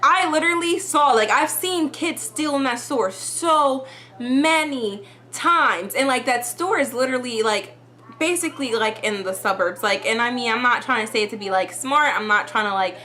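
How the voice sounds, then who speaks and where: Chatty young woman with a bright voice. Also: on the high side, expressive, moderate pace. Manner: chatty, full of "like" fillers. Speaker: vlogger. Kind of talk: storytime vlog.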